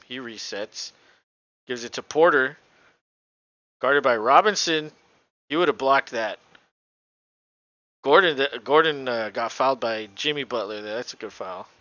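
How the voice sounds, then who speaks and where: A podcast co-host with a bright, close, mid-range voice calls a basketball game live in a casual, offhand way, swearing freely. The dry, dull recording sounds like a typical lo-fi home mic.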